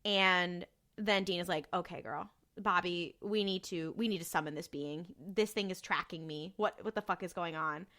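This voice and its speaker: A woman co-hosting a podcast, casually recapping an episode with jokes, swearing and quick quoted voices. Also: on the low side, sharp tone. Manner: profane, joking retelling with quoted voices. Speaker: podcast co-host.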